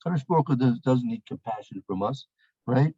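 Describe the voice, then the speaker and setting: A man's voice: medium pitch, animated, brisk, mellow, slightly rough, no echo, dull audio. A man teaching the weekly Torah portion, telling a story with many fillers, restarts and repeated phrases.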